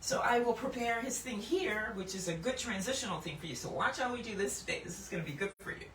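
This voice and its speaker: Animated woman teaching scripture, echoey room. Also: a little high. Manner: animated, laughs often, slows down to read scripture with emphasis. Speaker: Bible teacher and host. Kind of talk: casual Bible teaching. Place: indoor room. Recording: echoey room, mic at a distance, faint background noise.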